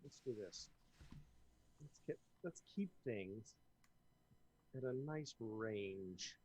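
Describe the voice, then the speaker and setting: A man's voice: fairly low pitch, drawn-out words, a little hiss or hum, poor audio. A man running a tabletop game as game master, joking with his players between calls on the action. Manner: lively, joking banter with players.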